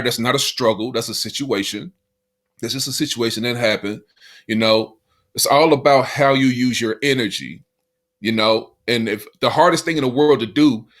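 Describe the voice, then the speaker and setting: A man's voice: mid-range voice, fairly bright tone. A man co-hosting a podcast, talking in a casual, motivational way and repeating "you know" often. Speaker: podcast co-host.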